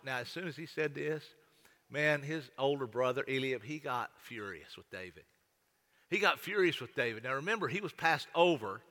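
A man preaches in a folksy, stop-and-start way, repeating himself as he talks to his congregation. His voice sits a little high and sounds bright and sharp. It rings with a long reverb through a church sanctuary. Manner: folksy, repetitive, stammering restarts. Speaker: pastor. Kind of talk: sermon.

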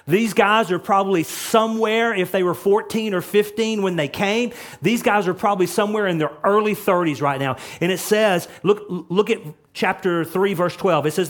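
Male pastor, sermon, emphatic, loud and soft by turns, fairly high pitch. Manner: emphatic, swings between loud and quiet.

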